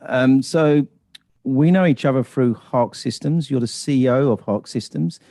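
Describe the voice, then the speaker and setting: A man's voice: medium pitch, unhurried, warm tone. A man hosting a podcast interview, reading a scripted intro and then asking chatty questions. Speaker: podcast host.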